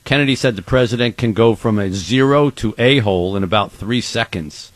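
A man as a radio interviewer in a mock interview, polite and deadpan as the straight man. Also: on the low side, fairly quick, no room sound.

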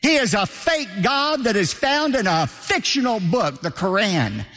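An emphatic male pastor preaching with a high, lively voice that leaps up and down. His tone is bright and forceful, and he hammers home key phrases by repeating them. The sound rings with the long reverb of a large hall. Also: unhurried. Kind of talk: sermon.

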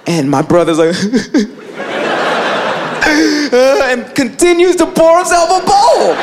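A man doing a stand-up routine, acting out family members in animated voices. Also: very high voice, slow. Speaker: stand-up comedian. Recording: live club recording with crowd noise.

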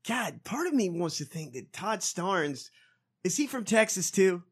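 A man's voice: high voice, sing-song, a little slow, breathy edge. A man co-hosting a podcast in casual chat, mocking and swearing often. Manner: profane, laughing, mocking. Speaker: podcast co-host.

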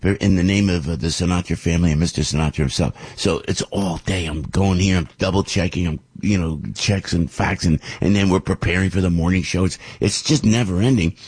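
An older radio host telling a rambling personal story in a chatty, animated way. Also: male voice, deep voice, fairly quick, hardly any pauses, breathy edge, no echo. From Italian-American. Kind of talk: casual storytelling monologue.

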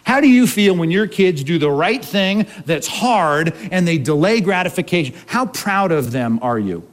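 A man's voice: high-pitched, lively intonation, moderate pace. A male pastor preaching a sermon in a conversational way, full of rhetorical questions.

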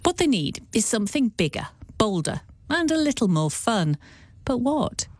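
A woman presenting a radio documentary in brisk, lightly playful scripted narration, sometimes asking her guest questions. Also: fairly high pitch, very animated, darkish tone, no echo, studio quality.

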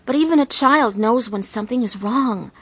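A woman's voice: on the high side, moderate pace, husky, no echo. A middle-aged woman narrating a dramatized testimony, earnest. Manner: earnest, confessional. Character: troubled middle-aged wife telling her story, woman. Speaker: narrator and main character.

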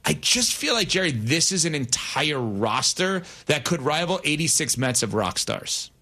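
A man's voice: fairly high pitch, very animated, moderate pace, sharp tone. A man in his forties co-hosting a casual chat in a conversational, reflective way. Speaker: co-host.

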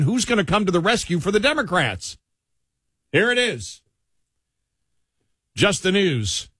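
Husky talk radio host with a Buffalo accent. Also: male voice, fairly high pitch, sharp tone, dry recording, clean studio sound. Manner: easygoing, chuckling banter. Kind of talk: casual talk radio chat.

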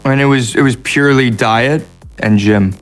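A man's voice: mid-range voice, normal speed, faint music behind. Laid-back American man, casual chat. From United States. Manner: laid-back, self-deprecating, calls people "dude". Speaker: actor guest.

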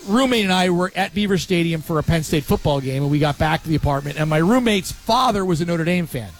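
A man in his fifties from Pennsylvania, a sports radio host telling stories in casual talk with animated, quick asides. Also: fairly high pitch, soft background music.

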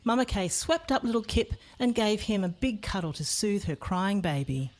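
A woman reading a children's storybook aloud in an expressive, playful way. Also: medium pitch, normal speed.

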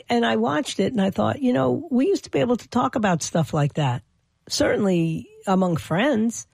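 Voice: mid-range voice, expressive, normal speed, creaky, a little mellow, no echo. A political commentator delivering an opinion monologue, often stammering and restarting phrases, with indignant emphasis.

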